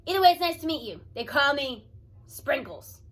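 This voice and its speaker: Woman doing a squeaky, eager skunk. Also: normal speed. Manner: excited, squeaky, warm welcoming tone. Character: friendly chatty female skunk, eager and hospitable.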